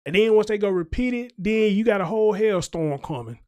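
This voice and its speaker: A man's voice: high-pitched, expressive, a little fast, a little mellow, dry recording, highs cut off. A man hosting a commentary show, ranting casually and emphatically, with a preachy tone and frequent checks for agreement.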